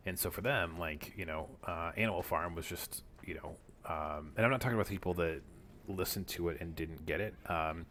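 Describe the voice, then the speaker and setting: Low-voiced man rambling over gameplay. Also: fairly quick, fairly bright tone, a little hiss or hum. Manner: rambling, many fillers and asides. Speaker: streamer. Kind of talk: casual gameplay commentary.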